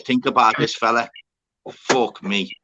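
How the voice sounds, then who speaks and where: A man's voice: mid-range voice, fairly even intonation, unhurried, lo-fi sound, noisy background. A man telling a sweary story in casual chat. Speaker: host.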